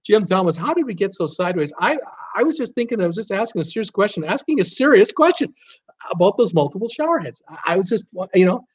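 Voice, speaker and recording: A man's voice: high-pitched, expressive, fast, breathy edge. Laughing, rambling male live-stream host. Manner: laughs heavily, jokey, rambling with many restarts. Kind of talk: casual live-stream chat reading viewer comments.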